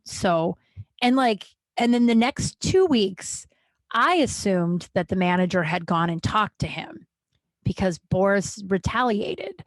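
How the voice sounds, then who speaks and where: A woman's voice: mid-range voice, a little slow, dry recording. Blunt, candid woman host telling a story. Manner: blunt and frank, swears freely, many restarts. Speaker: podcast host. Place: small room at home.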